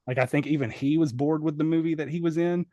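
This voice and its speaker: A man on a podcast tearing into a film in an exasperated, profane rant. His voice sits a touch high for a man, and the recording is close and dry, with no room sound. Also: fairly even intonation, fast, warm tone, no room sound, muffled recording. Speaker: podcast co-host. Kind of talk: casual film review chat.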